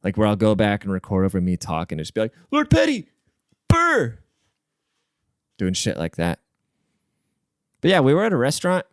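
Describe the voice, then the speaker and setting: A man's voice: lowish voice, a little mellow, smooth, dry recording, studio quality. A man hosting his own podcast, rambling through a crude, profane solo rant with jokey asides. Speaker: podcast host.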